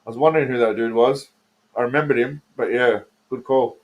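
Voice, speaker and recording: A man's voice: medium pitch, steady tone, a little fast, dull audio. Joking Australian man chatting on stream. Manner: joking, rambling, talks to chatters by name. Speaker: streamer reacting to trailers with his live chat. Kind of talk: casual live-stream chat.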